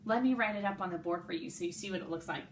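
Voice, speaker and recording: A woman's voice: fairly low pitch, racing, reverberant, a little hiss or hum. A woman music teacher singing rhythm syllables and explaining them to children in a lesson. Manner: sings rhythm syllables, speaks in a warm coaxing teacher voice to children. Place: classroom with a board.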